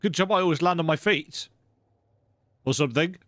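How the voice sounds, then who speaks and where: A man's voice: fairly high pitch, normal speed, background noise. A man giving casual gameplay commentary, full of wry, joking asides. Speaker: let's play host.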